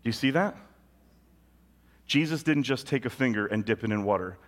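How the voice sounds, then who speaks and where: A man preaching a sermon as a pastor, his voice leaping high and loud for emphasis, then sinking low and hushed on solemn points. Mid-pitched voice. An animated, storytelling delivery. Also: normal speed. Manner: animated storytelling with sudden jumps in pitch and volume.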